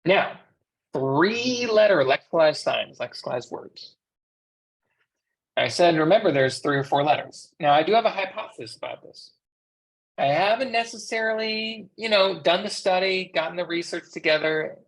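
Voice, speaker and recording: A medium-pitched interpreter with an American accent and lively intonation voices a sign language instructor's lecture at a moderate pace. The teaching feels conversational, with rhetorical questions directed to the class.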